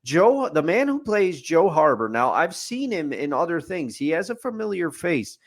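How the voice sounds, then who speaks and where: Opinionated man with a fairly high voice. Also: very animated, moderate pace. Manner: opinionated, building lists with a repeated refrain. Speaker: podcast co-host. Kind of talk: casual sports podcast chat.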